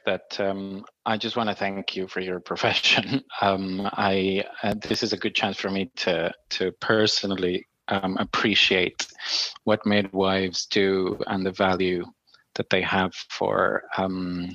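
A man in his thirties, a researcher guest on a podcast, answering in a hesitant way with many pauses and restarts and laughing easily. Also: low voice, steady tone, pushed and bright, dry recording, dull audio. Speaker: interview guest, digital health researcher. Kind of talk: casual interview answers.

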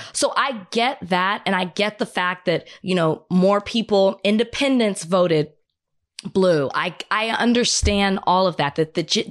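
A woman's voice: on the high side, fairly bright tone. Congested woman co-hosting a chat. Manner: thinks aloud, restarts and repeats herself. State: congested, under the weather. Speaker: podcast co-host. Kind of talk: casual political chat.

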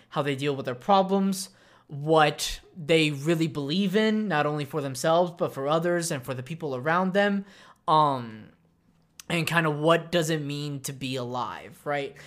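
A man's voice: on the high side, fairly bright tone. A man co-hosting a podcast, chatting casually about an anime with many fillers and restarts. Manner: rambling, frequent fillers and restarts. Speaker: podcast co-host.

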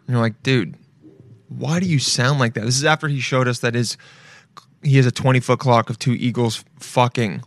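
A young man hosting his own podcast, rambling casually with lots of swearing and sudden bursts of loud excitement. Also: medium pitch, normal speed, dry recording. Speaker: podcast host. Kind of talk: casual solo podcast rant.

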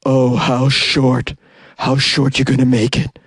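A man doing a creepy husky woman caller. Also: mid-range voice, monotone, takes it slowly, fairly bright tone, no echo, studio quality, heavily acted. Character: creepy husky-voiced female prank caller.

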